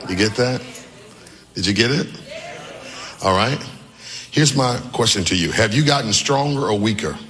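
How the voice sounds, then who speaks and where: Pastor, male, call-and-response preacher, bright forceful tone, long church-hall reverb. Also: fairly low pitch. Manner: call-and-response preaching, shouting peaks, playful asides. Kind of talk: sermon.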